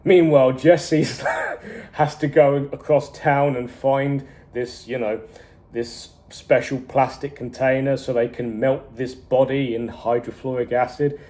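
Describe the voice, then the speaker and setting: Dude with a mellow voice doing a casual show review, laughs and swears a lot. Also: male voice, medium pitch, slow. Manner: animated retelling, swears, chuckles often.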